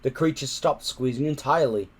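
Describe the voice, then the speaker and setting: A man reading a children's book aloud, careful and measured, with small slips he corrects. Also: mid-range voice. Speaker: reader.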